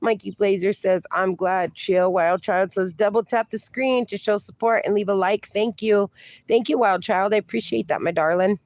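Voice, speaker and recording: A woman's voice: mid-range voice, normal speed, darkish tone, no room sound. Chatty woman livestreamer reading comments. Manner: chatty, reads viewer comments aloud, calls viewers darling. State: in pain, slightly strained. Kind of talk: casual livestream chat. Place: outdoors.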